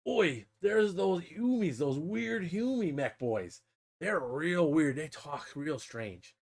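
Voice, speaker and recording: A man's voice: on the high side, animated, slow pace, heavily acted. A man voicing a brutish, bossy male orc warlord who talks crudely and boasts. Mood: scornful. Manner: gruff, boastful, crude grammar.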